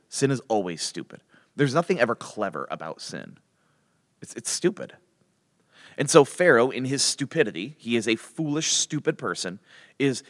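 A man's voice: fairly low pitch, a bit bright, no echo, clean studio sound. A man preaching a casual, emphatic Bible teaching, full of restarts and rhetorical questions. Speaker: pastor.

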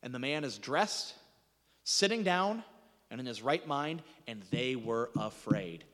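A man's voice: medium pitch, animated, a little slow, a bit bright, big-room sound. A man preaching a sermon as pastor, conversational, restarting phrases and asking the congregation rhetorical questions.

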